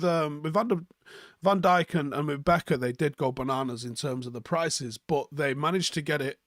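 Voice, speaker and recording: This is a young man, chatting casually on a live stream, his voice sitting a little high for a man. He rambles, fills gaps with ums, and swears without a second thought. The sound is close and dry, with no room echo. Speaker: fan channel host reading live chat.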